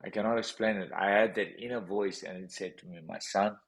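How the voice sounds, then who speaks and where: A man's voice: on the low side, steady tone, a little fast, low-quality recording. A man with a South African accent, a podcast guest telling a personal story with intensity, often repeating phrases. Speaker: podcast guest, professional boxer.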